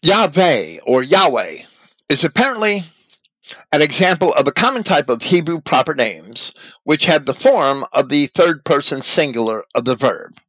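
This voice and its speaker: A man's voice: on the high side, expressive, normal speed, a bit bright, no room sound, rough recording. A man reading an article aloud and commenting on it as a religious teacher, spelling out names letter by letter.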